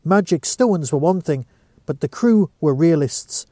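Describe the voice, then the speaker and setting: A man reading a short story aloud in a steady storytelling manner. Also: a little high, a little slow, no room sound, studio quality. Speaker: narrator.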